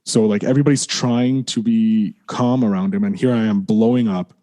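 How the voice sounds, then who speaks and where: A man's voice: lowish voice, fairly even intonation, moderate pace, mellow. A man, a podcast guest, telling a candid personal story in a rambling way, full of "like" and restarts. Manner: rambling, leans on fillers like "like" and restarts; apologizes for swearing.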